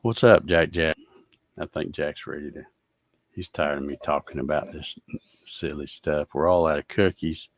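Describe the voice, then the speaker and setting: A man's voice: rumbling low, steady tone, normal speed, no echo, clean studio sound. A man hosting a casual livestream, ranting in a fed-up, sarcastic way and laughing at viewer comments. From Georgia, USA. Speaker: show host reading viewer comments.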